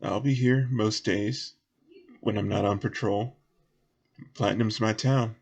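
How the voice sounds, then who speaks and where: A man's voice: on the low side, fairly even intonation, unhurried, gravelly, darkish tone, breathy edge, heavily acted. A man with a Southern US accent voicing a sleepy, easygoing female town guard with a folksy drawl.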